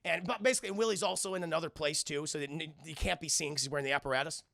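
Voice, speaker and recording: A man streaming a casual recap of a cartoon episode, excitable, swearing often and restarting his sentences as he talks to his chat. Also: a little high, very fast, vocal fry, dry recording, clean studio sound.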